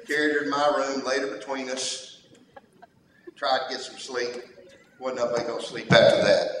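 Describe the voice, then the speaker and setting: A man's voice: mid-range voice, fairly bright tone, slight background noise. A man preaching a sermon in a folksy, humorous storytelling manner. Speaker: pastor. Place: church sanctuary. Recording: echoey church hall from far off.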